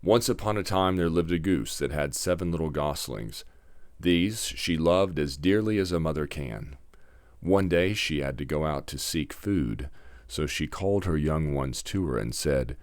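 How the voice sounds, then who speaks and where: Man, storyteller, extremely low voice, measured dramatic reading, dry recording. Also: dry recording. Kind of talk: storybook narration.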